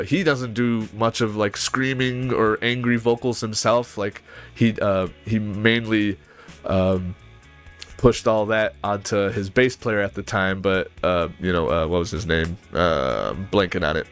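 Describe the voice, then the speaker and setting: Casual male panelist, low voice, rambling and filler-heavy, with faint music underneath. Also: fairly bright tone. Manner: rambling, filler-heavy, mouths bass riffs aloud. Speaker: podcast panelist. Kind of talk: casual chat about music.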